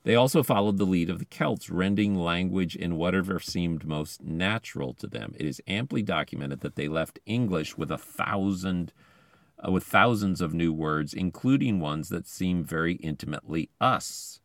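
Deep-voiced man reading in a dry car. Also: normal speed, no room sound. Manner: chatty, enthusiastic commentary between quoted passages. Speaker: podcast host. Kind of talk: reading an article aloud with casual asides.

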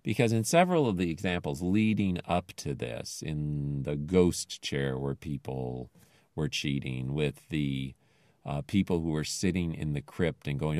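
A man's voice: extremely low pitch, animated, a little slow, a little mellow, no echo, clean studio sound. A man casually retelling a television episode in a rambling, thoughtful way with many fillers.

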